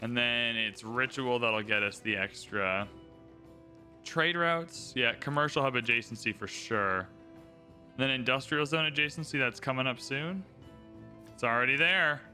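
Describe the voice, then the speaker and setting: A man's voice: medium pitch, pushed and bright. A man giving casual, upbeat livestream commentary while playing a strategy game, thinking aloud and chatting to his viewers.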